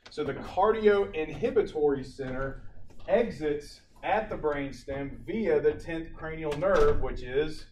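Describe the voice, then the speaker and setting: Male paramedic instructor, slightly high voice, casual classroom lecture, distant mic in a roomy hall. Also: takes it slowly. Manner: animated storyteller, acts out loud shouted quotes. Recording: echoey classroom from a distant mic, faint room noise.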